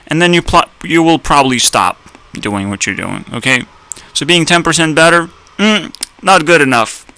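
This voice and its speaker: A man's voice: a little high, expressive, moderate pace, bright, forceful tone, poor audio. A young man ranting in a blunt, sarcastic way, swearing often and laughing at his own jokes. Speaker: streamer. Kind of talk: profane ranting commentary.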